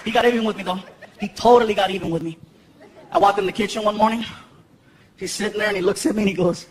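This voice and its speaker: A man doing stand-up comedy storytelling on stage, acting out characters in animated voices. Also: fast, pauses often, noisy background. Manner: animated, acts out characters with high squeaky voices. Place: large theater stage before a laughing audience. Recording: echoey live venue, loud crowd laughter.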